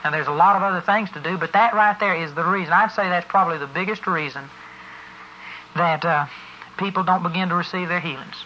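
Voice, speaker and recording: Emphatic preacher, bright sharp tone. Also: medium pitch, brisk, a little hiss or hum. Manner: emphatic, spells words out for stress. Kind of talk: sermon. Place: church service before a congregation. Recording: dull lo-fi recording.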